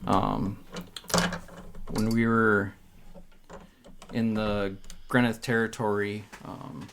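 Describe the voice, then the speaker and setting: Slow, hesitant low-voiced man. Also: flat delivery, background noise. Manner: hesitant, full of ums. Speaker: player. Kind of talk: in-character tabletop play.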